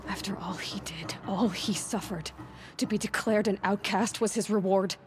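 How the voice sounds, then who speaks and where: A woman's voice: medium pitch, fairly even intonation, normal speed, lightly acted. A woman voicing a blunt young huntress. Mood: pointed. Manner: direct, wry and questioning. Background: game score.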